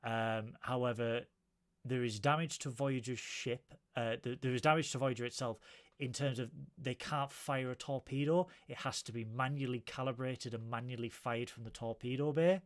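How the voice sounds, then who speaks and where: A Northern English man co-hosts a casual review chat, mid-pitched and steady. He walks through a story at length, leaning on ums and uhs as he goes. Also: moderate pace. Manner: recaps plot at length, filler-heavy. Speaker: podcast co-host.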